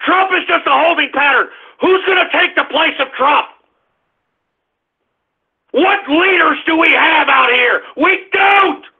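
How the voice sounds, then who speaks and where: A man hosting an internet radio show, ranting and shouting angrily with heavy cursing. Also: very high-pitched, measured pace, pauses often. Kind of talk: angry political rant. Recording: tinny phone-like line.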